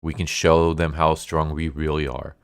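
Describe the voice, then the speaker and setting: A rebellious supersoldier deer pleads with his comrade in an urgent, steady voice, as a man reads him out. The voice sits very low and smooth. The recording is close and dry. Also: normal speed, no echo. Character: rebellious male supersoldier deer, intense and persuasive.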